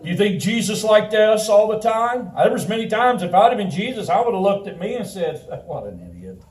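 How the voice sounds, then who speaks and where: Male preacher, high voice, conversational sermon, laughs often, echoey room. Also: fairly quick, slight background noise. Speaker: pastor. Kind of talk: sermon with personal anecdote. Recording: roomy sound from a distant mic.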